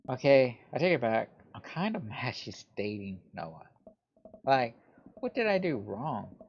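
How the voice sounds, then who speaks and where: A man's voice: medium pitch, sing-song, unhurried, a little hiss or hum. Teen girl, upset and gossipy, rambling rant, put on by a man, muffled lo-fi recording. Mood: hurt. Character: upset teenage girl venting to her dad.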